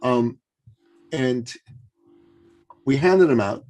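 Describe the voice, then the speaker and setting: A man telling a story as an interview guest, animated and full of fillers and restarts. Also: mid-range voice, very slow.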